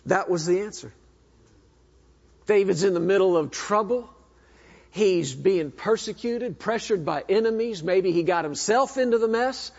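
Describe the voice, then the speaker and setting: A man preaching a sermon, asking the congregation questions, dropping to a hush and then rising in bursts. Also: high voice, lively intonation, unhurried, gravelly. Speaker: pastor. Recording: dull lo-fi recording.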